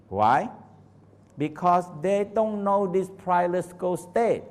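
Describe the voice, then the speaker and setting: A man teaching a live workshop in non-native English, animated, laughing often and firing questions at the audience. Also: fairly high pitch, takes it slowly. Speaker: Taoist teacher. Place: training center hall.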